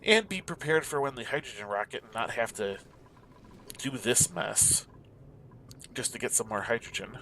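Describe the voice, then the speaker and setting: A man in a mid-pitched voice talks through a video game at an easy, rambling clip, half-mumbling to himself as he hunts around the map. A faint hiss sits under the recording. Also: lively intonation, moderate pace, gravelly, long pauses, sharp tone. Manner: mumbling to himself, musing and searching. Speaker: gameplay commentator. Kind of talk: casual let's play commentary.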